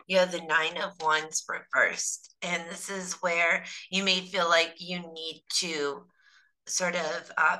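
A woman's voice: lowish voice, bright, forceful tone, slight background noise, low-quality recording. A woman giving a casual, chatty tarot reading on a live stream, her voice strained from overuse. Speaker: tarot reader.

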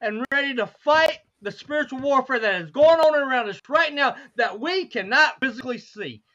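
A hoarse woman with a cracking voice leads a fervent Bible study, repeating phrases and asking rhetorical questions. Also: sits high, expressive, moderate pace, fairly bright tone, lo-fi sound.

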